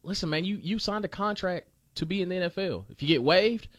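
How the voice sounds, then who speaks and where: Laid-back man, higher-pitched, sports talk. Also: fast talker, fairly bright tone, no echo, studio quality.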